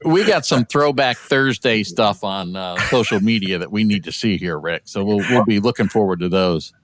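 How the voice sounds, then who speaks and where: Upbeat interviewer, dry sound. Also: male voice, on the low side, lively intonation, no echo. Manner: upbeat, quick questions, frequent laughs. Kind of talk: casual interview.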